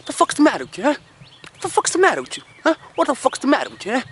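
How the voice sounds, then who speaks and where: A hot-tempered tough-guy film character, as a man puts him on, pushing the same angry challenge again and again. The voice sits well above the man's own speaking pitch and stays tense and confrontational. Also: wildly swooping pitch, very fast, fairly bright tone, slight background noise, exaggerated voice.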